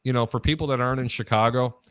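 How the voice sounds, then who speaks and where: A man's voice: mid-range voice, steady tone, fast talker, a bit bright, smooth, dry recording, studio quality. A man hosting a live sports betting talk show, chatty and storytelling, mimicking announcers as he goes. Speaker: host.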